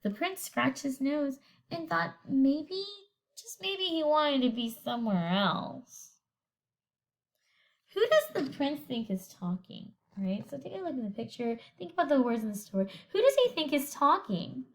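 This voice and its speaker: A woman teacher reading a picture book aloud to her students, animated and expressive, pausing to ask them questions. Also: sits high.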